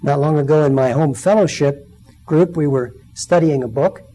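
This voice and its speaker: Middle-aged male lay preacher, mellow tone, slightly high, storytelling testimony. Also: normal speed, poor audio. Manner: storytelling, acts out quoted voices. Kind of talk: personal testimony sermon.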